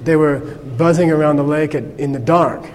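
A man's voice: a little high, fairly even intonation, normal speed, darkish tone, in a large hall, slight background noise. A man teaching a Buddhist class in a conversational way, checking in with his listeners with frequent "okay?". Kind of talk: informal class lecture.

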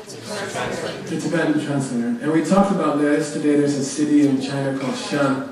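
A man with a slightly raised voice teaches a Buddhist text to a class. He explains terms slowly and keeps checking in with "okay?". The recording is distant and very echoey, with students audible in the room. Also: fairly high pitch, steady tone, a crowd in the background. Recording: echoey hall, distant mic. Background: audience of students.

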